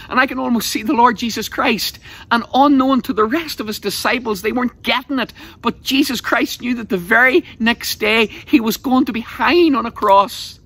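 A man's voice: extremely high pitch, sharp tone. A man preaching an evangelistic sermon, telling the story passionately and vividly.

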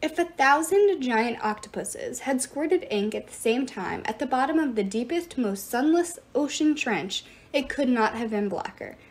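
Expressive woman narrating a story. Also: sits high, normal speed, hardly any pauses. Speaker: audiobook reader.

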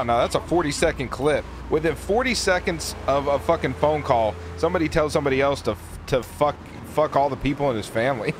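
A man's voice: a little high, background noise. A man streaming a game speedrun, chatting casually with viewers in a loose, profane way and thanking people from chat. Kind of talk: casual live-stream chat while playing.

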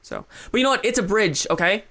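A young man chatting through a building game at breakneck speed, excitable and self-mocking. His voice sits high, with a gravelly fry in it. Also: fast talker. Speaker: gaming video host. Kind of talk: casual gameplay chat.

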